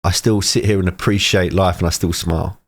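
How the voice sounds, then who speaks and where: A middle-aged man with a very low voice, speaking earnestly and close to tears. He talks in short, punchy lines broken by heavy sighs, the way a motivational speaker would. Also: fairly even intonation, brisk. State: tearful, emotional. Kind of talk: emotional personal testimony.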